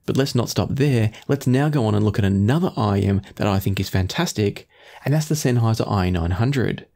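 A man reviewing earphones in measured talk, often qualifying his claims. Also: on the low side, creaky, darkish tone. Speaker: audio gear reviewer.

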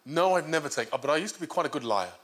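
A man with a Birmingham accent, an actor chatting as a talk show guest, relaxed and playful with stammering restarts. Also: on the high side, racing. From England. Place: television studio with live audience. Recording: studio audience laughter and noise.

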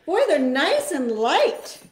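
A woman's voice: high-pitched, big pitch swings, slow pace, a crowd in the background. A woman hosting a casual live cooking chat in her home kitchen, chatty and bubbly. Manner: chatty, bubbly, laughs often. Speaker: host. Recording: echoey kitchen.

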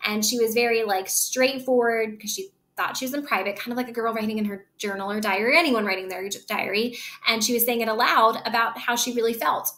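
A woman's voice: on the high side, fairly even intonation, brisk, hardly any pauses, fairly bright tone. A woman teaching, explaining a play line by line in a casual way, full of "like" and "um". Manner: casual, fills with "like" and "um".

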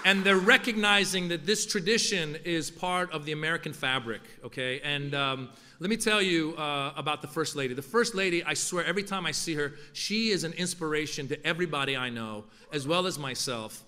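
A man's voice: on the high side, brisk, hardly any pauses, pushed and bright, a faint crowd. A man from Iran, raised in Northern California, doing stand-up as an event host with playful, punchy delivery. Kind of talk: stand-up comedy at a formal event. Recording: echoey hall with faint noise.

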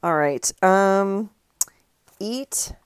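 A woman's voice: medium pitch, drawn-out words, smooth, dry recording, studio quality. A middle-aged woman hosting a craft video, chatting in a rambling, giggly way and correcting herself as she works. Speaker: craft channel host. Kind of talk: casual chat while crafting.

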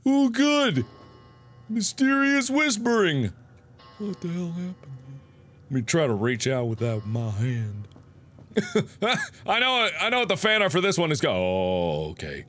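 A man's voice: medium pitch, fairly bright tone. A young man hosting a horror game video, joking playfully and exclaiming in surprise as he plays. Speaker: gaming video host.

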